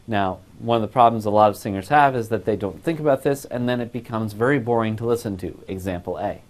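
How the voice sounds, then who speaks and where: A man's voice: fairly low pitch, fast talker. Man teaching a singing lesson. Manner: explains clearly, sings short demonstration phrases. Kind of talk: recorded music lesson.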